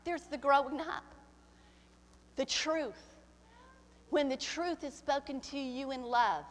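High-voiced woman pastor preaching in a hall. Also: takes it slowly. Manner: preaching with swings from soft to shouted, acting out quoted voices. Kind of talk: sermon. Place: church sanctuary. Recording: church hall with long reverb.

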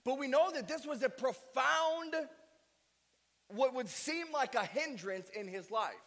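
A man's voice: very high-pitched, animated, measured pace, fairly bright tone, big-room sound. A male pastor preaching a sermon with emphatic delivery and strings of rhetorical questions. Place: church sanctuary.

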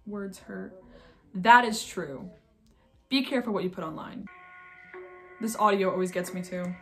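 Young woman vlogger, chatty and soft, middle pitch, light music bed. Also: unhurried, creaky. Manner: soft-spoken, musing, filler-heavy. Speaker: vlogger reacting to videos. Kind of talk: casual reaction vlog.

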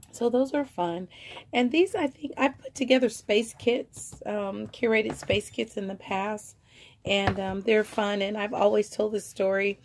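A woman with a mid-range voice and a darkish tone shows off vintage finds she sells online, chatting casually and rambling with plenty of fillers. There's a little hiss or hum in the recording of this easygoing show-and-tell.

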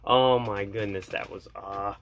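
A man vlogging as an excited hockey fan, gushing and jokey, repeating his lines. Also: fairly low pitch, measured pace. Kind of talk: excited fan commentary to camera.

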